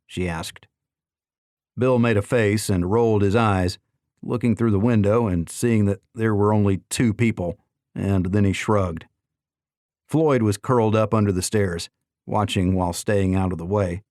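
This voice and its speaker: A man reads an audiobook in a steady, even way. His voice sits on the low side. The recording is dry and close. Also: a little slow, no echo. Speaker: audiobook narrator. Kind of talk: scripted audiobook narration.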